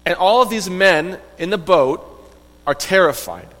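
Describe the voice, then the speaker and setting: A man with a high, light voice tells a Bible story to children, lively and conversational, often turning to ask his listeners questions. A long reverb trails his voice through a big room. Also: measured pace. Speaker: Bible teacher.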